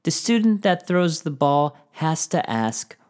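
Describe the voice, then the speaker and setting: Animated, encouraging male teacher. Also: fairly high pitch, measured pace. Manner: animated, encouraging, often sings short phrases. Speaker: teacher and podcast host. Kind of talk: podcast teaching tips.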